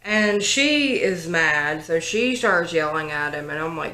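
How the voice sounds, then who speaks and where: A woman's voice: fairly low pitch, measured pace, few pauses, bright, forceful tone. Chatty young woman, echoey room. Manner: chatty storytelling with lots of likes and ums. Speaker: vlogger, 911 operator. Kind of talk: casual get-ready-with-me chat. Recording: roomy home recording.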